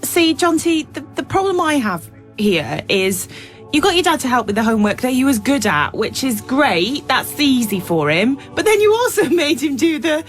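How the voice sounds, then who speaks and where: A woman joining radio banter as a panelist, delivering verdicts with mock sternness. Her voice is high and swoops widely, close on a studio microphone. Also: very animated, moderate pace, faint music behind.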